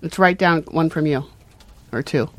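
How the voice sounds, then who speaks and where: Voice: medium pitch, normal speed. A co-host chatting casually, asking lots of curious questions. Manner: inquisitive, chatty. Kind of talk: casual chat.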